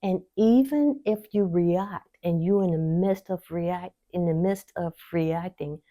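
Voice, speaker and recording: A woman hosting a faith-based wellness talk, speaking straight to her viewers in an encouraging, teaching way and laughing easily. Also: unhurried. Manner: warm encouraging teaching, lively pitch swings, laughs easily. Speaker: host.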